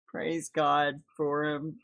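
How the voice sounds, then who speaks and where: Slow-talking woman commentator. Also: low-pitched, low-quality recording. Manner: relaxed, chatty, devout asides. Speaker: video commentator. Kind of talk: casual commentary over footage.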